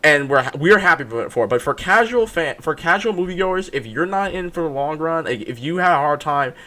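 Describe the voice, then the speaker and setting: A man hosting a casual movie review chat, animated and insistent, often repeating himself. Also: a little high, brisk. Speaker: movie review podcast host.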